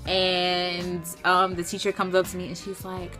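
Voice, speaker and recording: A woman's voice: on the low side, measured pace, hardly any pauses, faint music behind. Brash, foul-mouthed young woman vlogger. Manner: animated, profane, emphatic storytelling. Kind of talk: storytime vlog.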